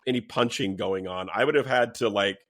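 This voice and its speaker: Lower-voiced man telling a story, swearing freely. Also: a little fast. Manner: animated, swears freely, acts out quoted lines. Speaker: guest, former police officer. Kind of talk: casual podcast storytelling.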